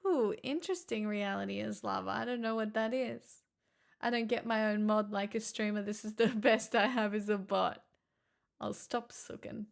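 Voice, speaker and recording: A woman's voice: medium pitch, fairly even intonation, normal speed, creaky. A young woman streaming live, reading out chat messages with playful quips.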